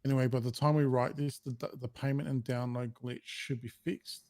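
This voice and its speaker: Dry-sounding man, halting podcast chat. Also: mid-range voice, steady tone, a little mellow, no room sound. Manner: reads a statement aloud while trying not to laugh; halting, with many fillers and restarts. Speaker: podcast host. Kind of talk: casual chat.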